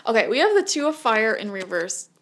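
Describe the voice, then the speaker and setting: Young woman doing a chatty tarot reading, kinda high voice, giggles a lot and jumps into excited asides. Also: a little fast. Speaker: tarot reader. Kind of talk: casual tarot reading monologue.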